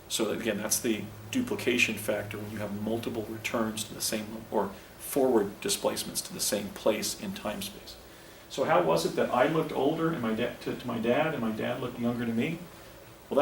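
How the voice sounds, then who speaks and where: A man giving a public lecture in an earnest, halting way, often restarting his sentences. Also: mid-range voice, vocal fry, slight background noise. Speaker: presenter. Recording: roomy, distant lecture recording with faint ambience.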